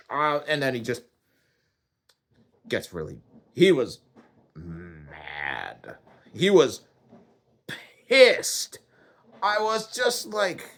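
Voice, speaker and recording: A man rambling through a comic first-person monologue, deadpan and full of swearing. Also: mid-range voice, drawn-out words, pauses often.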